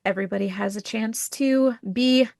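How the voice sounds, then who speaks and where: A woman's voice: on the high side, normal speed, gravelly, darkish tone, dry recording, studio quality. A woman co-hosting a podcast, chatting in an upbeat, easygoing way and laughing easily. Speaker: podcast co-host. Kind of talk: casual podcast chat.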